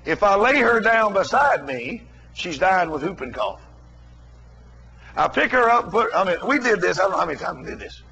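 A man's voice: high voice, big pitch swings, normal speed, bright, forceful tone, husky. A middle-aged man preaching a sermon, telling a story in an emphatic, emotional way.

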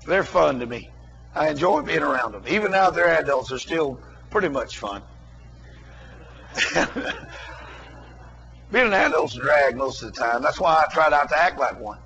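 A man's voice: fairly high pitch, lively intonation, normal speed, creaky, long pauses, bright, forceful tone. A middle-aged man preaching a sermon, telling a story in an emphatic, emotional way.

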